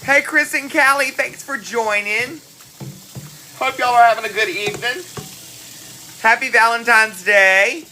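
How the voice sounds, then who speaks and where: A woman hosts a cooking live stream from her home kitchen and greets viewers one by one with pet names. Her voice is bright and forward, and she takes her time between phrases. Faint kitchen sounds sit behind her. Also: on the high side, unhurried, pauses often, a little hiss or hum, low-quality recording. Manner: greets viewers by name, chatty and affectionate. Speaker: cooking livestream host. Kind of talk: casual live-stream chat.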